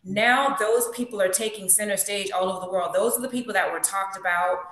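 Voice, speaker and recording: Woman host, earnest and preachy, average pitch, roomy echoey sound. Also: a little fast, fairly bright tone. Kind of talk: casual spiritual conversation. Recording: echoey room.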